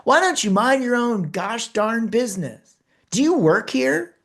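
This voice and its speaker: A woman voicing a furious young mother who yells at a stranger in shrill bursts. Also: big pitch swings, a little slow. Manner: shrill yelling.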